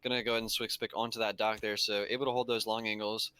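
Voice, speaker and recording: A man casting an esports match, with quick, eager play-by-play calls. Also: lowish voice, little pitch movement, a crowd in the background, poor audio. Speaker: esports commentator. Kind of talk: play-by-play game commentary.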